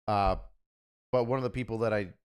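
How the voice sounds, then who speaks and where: A man hosting a stream, chatting casually about the news and growing loud and animated as he rants, with plenty of swearing. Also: on the low side, fairly quick, smooth. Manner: profane, animated when ranting, acts out quoted voices. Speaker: stream host. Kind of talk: casual talk commentary.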